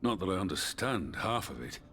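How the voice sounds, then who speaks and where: An actor playing a dignified, courteous commander in a game cutscene, speaking with formal, old-fashioned phrasing. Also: male voice, low voice, very animated, brisk, pushed and bright, slight background noise, full character voice.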